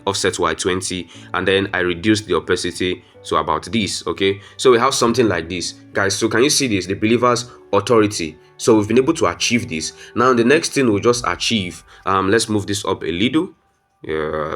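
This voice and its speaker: Casting: deep-voiced male tutor giving step-by-step design instructions over faint guitar music. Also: fairly bright tone. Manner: step-by-step instructions, frequent "um" fillers, addresses viewers as "guys". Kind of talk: screen-recorded software tutorial.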